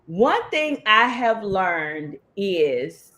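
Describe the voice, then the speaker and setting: A woman's voice: mid-range voice, sing-song, very slow, a bit bright. A woman co-hosting a podcast, chatting casually and working through advice with acted-out everyday examples. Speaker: podcast co-host. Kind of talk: casual chat.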